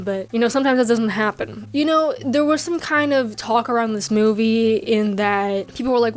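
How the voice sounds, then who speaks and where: A woman's voice: on the high side, brisk, few pauses. A woman vlogger telling a comic story in a rambling way, full of fillers and checking in with the listener. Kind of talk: comedic storytelling to camera.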